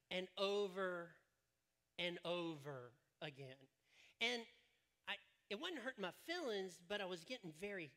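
Bright-voiced, joking pastor. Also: male voice, sits high. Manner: joking, rambling storyteller. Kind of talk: sermon. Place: church stage.

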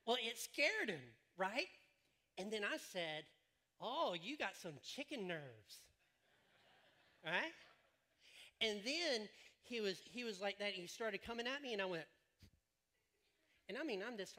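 A man's voice: high voice, animated, unhurried, long pauses, bright, forceful tone. A man preaching a sermon from a church stage, telling stories in a joking, rambling way. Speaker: pastor.

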